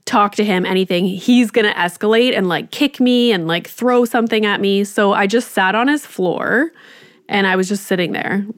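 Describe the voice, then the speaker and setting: A woman's voice: medium pitch, moderate pace, no echo, studio quality. Candid, swearing podcast host woman. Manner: candid, swears freely, lots of "like". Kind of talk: casual storytelling chat.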